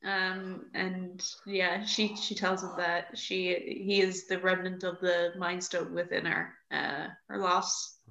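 A young woman with a bright, sharp voice chats casually on a podcast, gushing and filling her talk with little fillers. Her sound is dull and lo-fi, and it rings in an echoey room. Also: lowish voice, level tone, slow, vocal fry, hardly any pauses, a little hiss or hum. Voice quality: chatty, lots of fillers, gushing. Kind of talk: casual chat.

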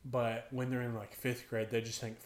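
A man's voice: medium pitch, flat delivery, normal speed. Young male podcast co-host, casual storyteller who acts out kids' voices. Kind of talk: casual chat.

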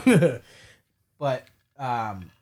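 A man's voice: mid-range voice, big pitch swings, drawn-out words, a little mellow. A man co-hosting a casual podcast chat, joking and rambling while playing clips for the others. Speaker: podcast co-host.

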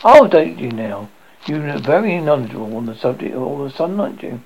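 A man voicing a sharp-tongued, sarcastic older mother who scolds her grown son, in a storybook reading. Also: on the high side, big pitch swings, brisk, creaky, lo-fi sound, a little hiss or hum. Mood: mocking.

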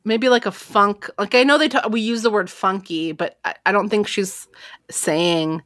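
A woman's voice: medium pitch, steady tone, moderate pace, a bit bright. A woman co-hosting a podcast, chatting casually and playfully and laughing often. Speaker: podcast co-host. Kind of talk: casual chat.

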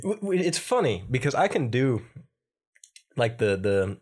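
A man's voice: medium pitch, big pitch swings, measured pace, a little mellow, breathy edge. A young man co-hosting a podcast in casual chat, laughing easily and trying out put-on accents. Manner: laughing, tries out Irish accents, talks about his acting. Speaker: podcast co-host.

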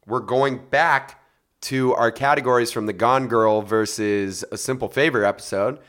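A man with a mid-range voice hosts a casual movie podcast. He runs through plots and rating categories in a relaxed way, with jokey asides. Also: mid-range voice. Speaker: podcast host.

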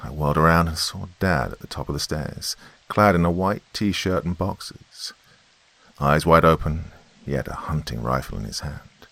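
A man reads a first-person horror story in a deep, gravelly voice. His delivery swings widely in pitch, building tension with dramatic pauses. The sound is close and dry. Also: animated, a bit bright, no echo.

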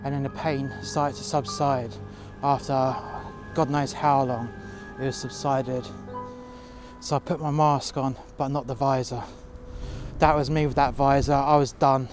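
A man's voice: mid-range voice, level tone, over music. A man telling a workplace story outdoors in the freezing cold, blunt and full of profanity. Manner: blunt and profanity-laden, slowing when tired. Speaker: storyteller recounting a workplace incident. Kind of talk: profane angry first-person storytelling. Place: outdoors in sub-zero cold.

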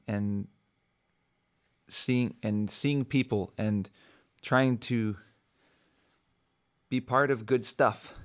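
A man hosting his own podcast, talking casually and reflectively, rambling with many restarts and fillers. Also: medium pitch. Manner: reflective, easygoing. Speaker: podcast host. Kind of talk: casual solo podcast monologue.

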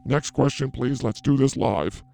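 A man's voice: mid-range voice, a little slow, vocal fry, dark tone. A man playing a brash self-declared psychic healer in an improvised comedy bit, talking in a theatrical, blustering way. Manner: over-the-top, theatrical, blustering.

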